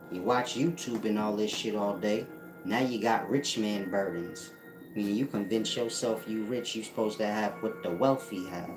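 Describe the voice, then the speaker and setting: A low-pitched man talks bluntly on a casual livestream, mocking and cursing as he repeats his points. His voice sits in a roomy space. Loud music plays behind him. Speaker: livestream host reading chat.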